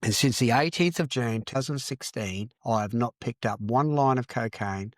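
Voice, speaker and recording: Older aussie bloke, podcast guest, sweary and blunt, says things twice for punch, dead dry mic. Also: male voice, medium pitch, moderate pace, dry recording. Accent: Australian. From Australia. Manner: blunt and profane, repeats phrases for emphasis. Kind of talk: candid storytelling interview.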